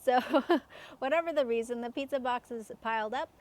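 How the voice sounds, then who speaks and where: A woman's voice: a little high, moderate pace. A woman in her thirties telling personal stories in a casual, chatty way, laughing often and using many fillers. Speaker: self-help coach.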